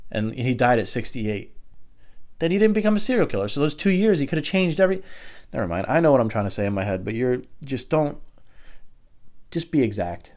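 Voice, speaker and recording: A man talking alone into the mic in a loose, comedic rant. He swears freely and gets worked up, his voice a middling pitch. He sounds animated and exasperated.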